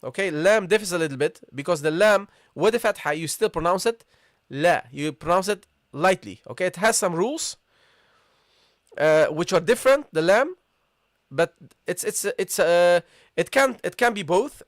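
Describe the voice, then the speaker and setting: A man teaching an online Arabic lesson live, repeating points and checking in with viewers after nearly every phrase, and sounding out letters slowly for them to copy. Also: high voice, expressive, no room sound, studio quality. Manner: repetitive, checks in with "okay?" and "guys"; models pronunciations slowly.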